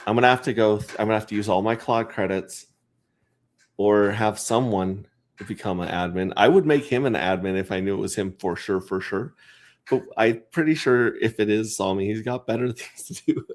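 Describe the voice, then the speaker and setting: Joking low-voiced man streaming. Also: moderate pace. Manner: rambling, joking, reads out chat names. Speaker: crypto livestreamer. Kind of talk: casual livestream chat.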